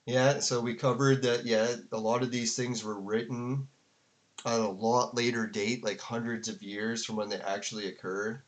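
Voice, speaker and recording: A man's voice: mid-range voice, level tone, normal speed. Rambling casual man commenting. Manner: rambling, filler-heavy, with frequent "like" and laughs. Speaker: commentator reacting to a debate. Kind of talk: casual commentary to a live chat.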